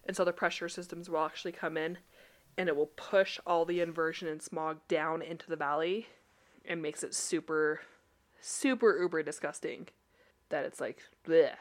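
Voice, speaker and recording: Lively young woman telling stories, lowish voice. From Utah. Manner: animated storyteller, laughs often, quick bursts of rising pitch. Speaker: podcast co-host. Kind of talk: casual chat.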